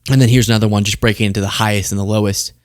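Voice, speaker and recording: A man's voice: on the low side, fairly even intonation, racing. Sarcastic man hosting political commentary. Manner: sarcastic, conversational. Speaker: host.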